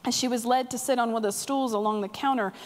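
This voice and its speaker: A woman pastor tells a story from the pulpit, voicing the people in it. Her voice sits fairly high and rings out through a reverberant church sanctuary. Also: quick pace. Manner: vivid, expressive storytelling with quoted dialogue. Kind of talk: sermon storytelling.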